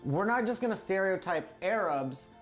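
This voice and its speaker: A man's voice: high voice, expressive, normal speed, soft background music. A man, a comedian, explaining his views thoughtfully in an interview.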